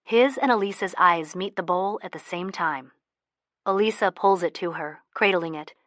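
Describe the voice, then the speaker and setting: A woman narrating a first-person audiobook in a soft, intimate manner, close to the mic. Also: on the low side, moderate pace, no room sound.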